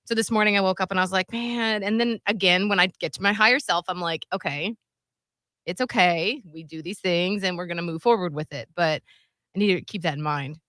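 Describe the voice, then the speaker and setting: A woman co-hosting a podcast, telling stories in a chatty, animated way. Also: fairly low pitch, a little fast, dry recording, clean studio sound. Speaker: co-host. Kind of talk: casual podcast chat.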